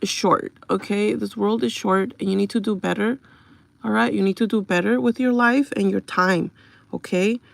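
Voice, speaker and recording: Young woman with a vocal-fry rasp. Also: medium pitch, steady tone, normal speed, dry recording. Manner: chatty, confiding, blunt with trolls. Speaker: livestreamer. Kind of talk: casual livestream chat with viewers.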